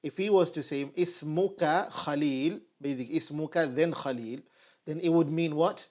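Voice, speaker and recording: A man's voice: on the high side, darkish tone. Patient man teaching at a whiteboard. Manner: patient, repeats phrases slowly for learners. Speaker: Arabic teacher. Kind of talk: online language lesson at a whiteboard.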